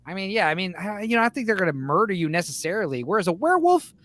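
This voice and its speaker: A man talking in a casual podcast chat, excitable and profane, acting out scenes with growls and shouts. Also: sits high, rapid-fire. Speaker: podcast co-host.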